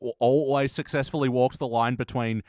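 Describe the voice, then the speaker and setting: A man's voice: medium pitch, fairly even intonation, fairly quick, darkish tone, no room sound, clean studio sound. A man co-hosting a casual podcast, easygoing, laughing often and dropping wry asides. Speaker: podcast co-host.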